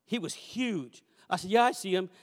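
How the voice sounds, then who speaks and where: A man preaching a sermon as a pastor, telling a story with animated, acted-out quotes and repeated refrains. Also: high-pitched, moderate pace, big-room sound. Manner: animated storyteller who acts out quoted voices. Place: church sanctuary.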